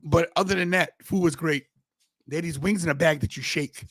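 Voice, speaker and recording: A man's voice: fairly high pitch, a little fast, a bit bright, no room sound. A man hosting a podcast in casual chat, telling a rambling story with many restarts and fillers. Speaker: podcast host.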